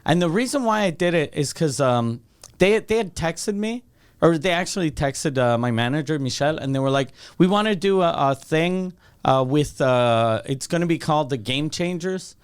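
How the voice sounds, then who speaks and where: A man's voice: a little high, expressive, moderate pace, clean tone. A man hosting a podcast, telling a long, profane, rambling comic story and acting out the lines of the people in it. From Canada. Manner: rambling, profane, acts out quotes. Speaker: podcast host. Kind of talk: casual comedic storytelling.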